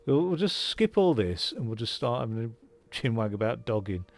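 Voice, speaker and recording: Gravelly man rambling casually. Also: mid-range voice, sing-song, moderate pace. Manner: rambling, chatty, many fillers and restarts. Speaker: gaming channel host. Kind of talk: casual let's-play commentary.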